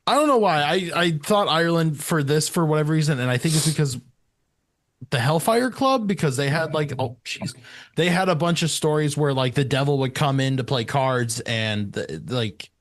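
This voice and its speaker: A young man co-hosting a paranormal podcast, chatting casually and getting sidetracked, quick to poke fun at himself. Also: fairly high pitch, no echo, clean studio sound. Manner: animated, self-deprecating, easily sidetracked. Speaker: podcast co-host. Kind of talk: casual chat about superstitions.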